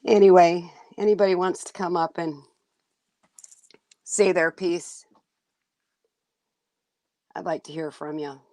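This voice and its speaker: A woman's voice: lowish voice, steady tone, takes it slowly, long pauses, warm tone, no echo. A woman hosting a livestream, venting bluntly and indignantly to her chat, cursing now and then. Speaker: livestream host.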